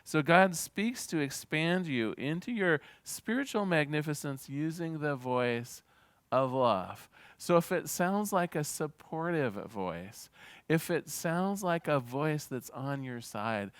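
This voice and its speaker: A minister giving a sermon in an earnest, gentle teaching manner, with small restarts as he talks. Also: fairly high pitch, animated, slow pace, smooth, no room sound.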